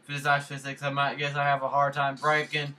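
A man talks through a puzzle game in casual let's play commentary. His voice is bright and sharp at an average pitch. He rambles, jokes and repeats silly phrases over and over. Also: monotone, fast, low-quality recording. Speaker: gamer.

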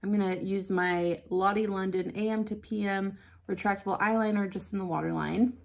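Woman, 30s, beauty vlogger, relaxed chatty storyteller, mid pitch. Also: brisk, gravelly. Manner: chatty, storytelling, laughs easily. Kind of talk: casual chat while doing makeup.

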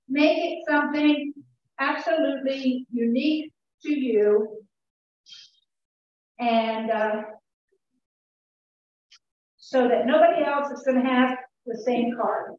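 A woman conference speaker giving a sermon-style teaching in a church, telling a story in an earnest, halting way. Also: sits high, slight background noise. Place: church sanctuary. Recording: very echoey church sound, far from mic, dull.

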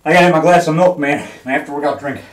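A man in a casual home video, talking loudly and boastfully in a goofy, joking way. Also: on the high side, very fast, roomy sound. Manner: boastful, loud and goofy, jokey. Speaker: vlogger.

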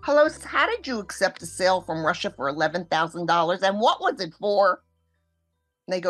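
A woman's voice: medium pitch, lively intonation, brisk. An older woman tells her own story with vivid drama, dropping to near-whispers and then rising sharply as she acts out what others said. Her voice sits in an ordinary middle range, with faint music running beneath. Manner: vivid, acts out quoted voices, shifts between hushed and loud. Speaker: scam victim telling her story. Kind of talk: emotional first-person storytelling.

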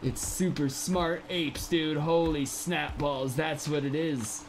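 A young man with a high voice commentates his game from a home setup on a studio microphone. He talks in a goofy, rambling way that jumps into excited yelps, over a faint hiss of background noise. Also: takes it slowly. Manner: excitable, goofy, rambling, breaks into loud outbursts. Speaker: gaming YouTuber.

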